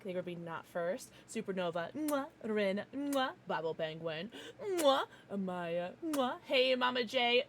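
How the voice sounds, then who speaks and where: Bubbly, giggly young woman streamer. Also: a little high. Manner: bubbly and giggly, loud excited greetings. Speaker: livestreamer. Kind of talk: casual gaming stream chat.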